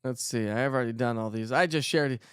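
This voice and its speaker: A man's voice: medium pitch, quick pace, clean tone, no echo, studio quality. A middle-aged man hosting a casual weather livestream, chatting with viewers and reading their comments aloud. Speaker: weather show host.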